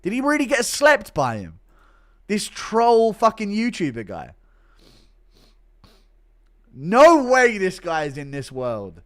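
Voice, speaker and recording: A male streamer giving loud, profane play-by-play while he reacts to a fight and reads chat. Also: sits high, slow, long pauses. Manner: excitable, profane, loud bursts. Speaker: streamer host.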